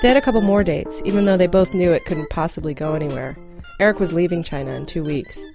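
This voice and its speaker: A woman narrates a scripted radio story with a measured, even delivery. Her voice sits slightly low. A soft music bed plays faintly underneath. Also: vocal fry.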